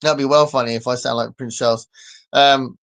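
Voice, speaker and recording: A man's voice: mid-range voice, steady tone, a little fast, gravelly, a bit bright. A man with a southern English accent chatting casually on a live stream, rambling loosely and reading out viewer comments. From southern England. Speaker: livestream host reading comments. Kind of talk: casual chat.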